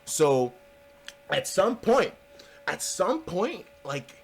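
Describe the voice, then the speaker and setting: Guy ranting a story on his vlog, swears a lot, fairly high voice that jumps all over. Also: very animated, very slow, vocal fry, breathy edge. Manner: profane, emphatic, heated. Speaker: vlogger.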